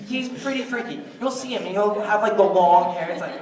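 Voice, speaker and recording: A man's voice: high voice, brisk, a little mellow, recorded from a distance, slight background noise. A man doing a stand-up comedy routine, rambling and jokey, often slipping into mock quotes of other people. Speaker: stand-up comic. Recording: echoey room, voice from afar.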